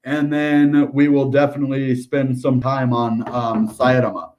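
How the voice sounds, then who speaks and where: A man's voice: mid-range voice, little pitch movement, measured pace, darkish tone, slight background noise. An American man hosting a crypto channel, talking casually through price charts with lots of filler words and upbeat asides. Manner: chatty, upbeat, lots of ums and dude. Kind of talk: casual chart analysis livestream.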